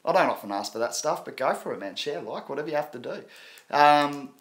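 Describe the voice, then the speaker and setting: With a voice on the high side, lively intonation, and a fairly quick pace, a thirty-something Australian hosts a casual crypto livestream. He chats loosely with viewers, slangy and laid-back, laughing a lot.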